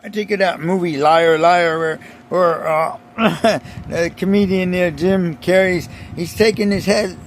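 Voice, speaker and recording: A man with a high, gravelly voice rants in a slow, deliberate monologue. He repeats himself with emphasis and keeps restarting sentences. Faint vehicle noise hums underneath. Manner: emphatic, repetitive, restarts often. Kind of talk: ranting monologue to camera.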